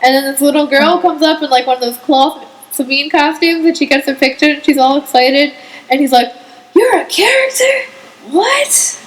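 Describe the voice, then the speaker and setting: A teenage girl co-hosting a podcast, telling stories in a lively way, saying "like" a lot and acting out what people said. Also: high-pitched, brisk, poor audio. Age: teens. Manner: lively storyteller, acts out quotes, says "like" a lot. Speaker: podcast co-host. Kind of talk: casual chat.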